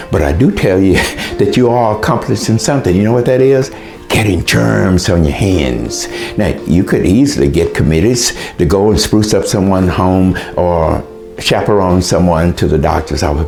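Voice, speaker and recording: A former educator with a low, darkish voice and vocal fry delivers a scolding moral monologue at his listener. He poses rhetorical questions, answers them himself, and acts out other people's voices.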